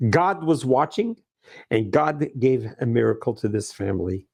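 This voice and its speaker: Earnest preaching rabbi, mellow voice. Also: male voice, mid-range voice, lively intonation, normal speed, creaky, breathy edge. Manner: earnest, emphatic preaching with repeated phrases. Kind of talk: sermon.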